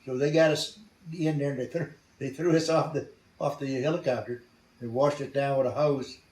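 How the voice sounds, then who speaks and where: An older man shares his war experience as a veteran interviewee, bluntly and saltily, chuckling as he tells it. He speaks at a moderate pace in a steady, mid-range, slightly mellow voice, picked up by a distant mic with a roomy sound.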